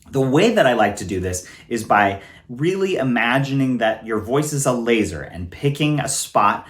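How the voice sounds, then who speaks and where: A man in his thirties from California, giving a casual singing lesson to camera and demonstrating sounds with his voice. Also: mid-range voice. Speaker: voice teacher.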